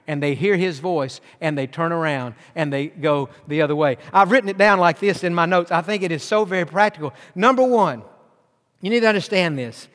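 A man's voice: fairly high pitch, a little fast, a bit bright. A man preaching a sermon, telling a folksy story with humor and building emphasis. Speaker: pastor. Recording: long hall reverb.

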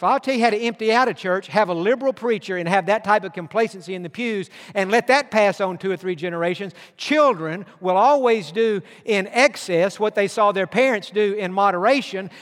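A man preaching a sermon, swinging from loud declarations to hushed tones. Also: sits high. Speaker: pastor. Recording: long hall reverb.

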